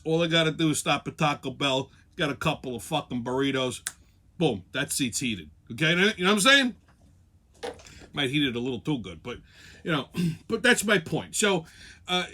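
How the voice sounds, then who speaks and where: A man's voice: a little high, bright, forceful tone. A male show host delivering a comedic rant in a profane, sarcastic, rambling way.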